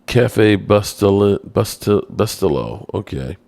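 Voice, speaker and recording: A low, gravelly man hosts a casual live-stream sports show at an unhurried pace. He is playful and self-mocking as he answers the chat. His voice swings widely and jumps high when he is exasperated. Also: expressive, darkish tone. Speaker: sports podcast host reading live chat.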